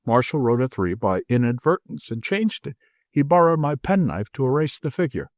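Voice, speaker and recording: A man's voice: mid-range voice, very animated, moderate pace, dry recording, lightly acted. A man doing a vacuous, haughty English rogue. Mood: cool. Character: sly English gentleman rogue, cool.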